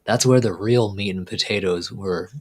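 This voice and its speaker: A man's voice: sits low, normal speed, a little mellow, breathy edge. A man hosting a live stream, chatting casually and rambling with a laugh. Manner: laid-back, rambling, laughs at own jokes. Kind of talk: casual chat.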